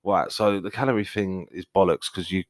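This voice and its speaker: Deep-voiced man, casual chat, dry sound. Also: fairly even intonation, brisk, no room sound. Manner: chatty, trying out accents. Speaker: podcast co-host.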